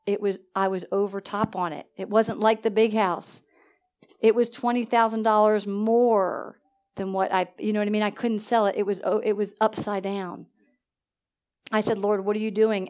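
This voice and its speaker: A woman minister telling a personal testimony in church, storytelling with acted-out dialogue and frequent laughter. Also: medium pitch. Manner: lively storytelling, acts out dialogue, laughs often. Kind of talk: testimony sermon.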